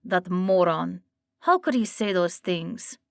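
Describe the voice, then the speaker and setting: A stern woman baker with a thick Russian accent speaks sharply and rolls her R's, as a woman narrator puts her on. The voice sits a little low and close to the mic, with no room sound. It is a storybook figure with a curt, cutting manner. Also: slow pace, gravelly, dry recording. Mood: scornful.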